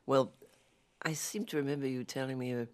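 A woman's voice: rumbling low, fairly even intonation, fairly quick, a little mellow. A woman hosting an interview, chatting casually and prompting her guest with friendly, encouraging questions. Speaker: interview host.

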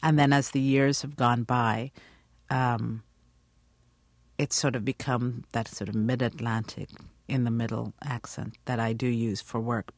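A woman's voice: a bass voice, no room sound. Thoughtful British-accented middle-aged woman, dry sound. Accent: British English. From Guyana. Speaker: actress, interview guest. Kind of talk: radio interview.

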